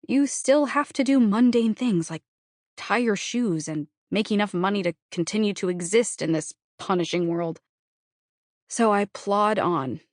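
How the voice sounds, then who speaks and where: A woman reads a first-person novel in a wry, conversational way, tossing off self-deprecating asides. Her voice sits at an ordinary mid pitch, and the studio recording is dry and close. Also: no room sound. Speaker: audiobook narrator.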